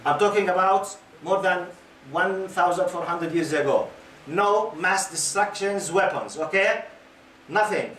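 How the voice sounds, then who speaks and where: A man's voice: sits high, measured pace, sharp tone, slight background noise. A man in his fifties giving an Islamic lecture to a youth audience. He questions the listeners, waits for their answers and talks in loose, repeating phrases, often adding "okay?". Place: lecture hall with a live audience. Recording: echoey room picked up from a distance.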